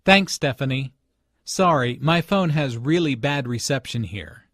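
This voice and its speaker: A man's voice: mid-range voice, expressive, measured pace, fairly bright tone. A man voicing a young man struggling to hear on a bad phone call in a scripted lesson dialogue. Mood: puzzled. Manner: asking to repeat.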